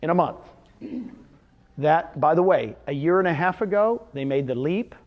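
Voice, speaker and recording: A man giving a motivational seminar talk in front of a live audience, animated, asking the audience questions and answering them himself. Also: a little high, normal speed, muffled recording. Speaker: presenter at a real estate seminar.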